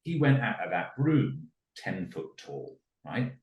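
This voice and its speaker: A man's voice: low-pitched, big pitch swings, slow pace, far from the mic, muffled recording. A middle-aged man, a podcast guest, telling a story and acting out its characters in raised voices. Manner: acts out the people in his story in raised voices. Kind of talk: animated storytelling. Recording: echoey room, a little off mic.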